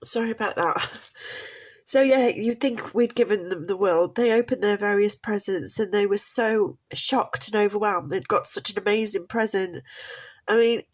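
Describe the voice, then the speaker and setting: A woman's voice: mid-range voice, normal speed. A middle-aged woman telling a family story in a casual, heartfelt way. She rambles and often repeats herself. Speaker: mother sharing a family story.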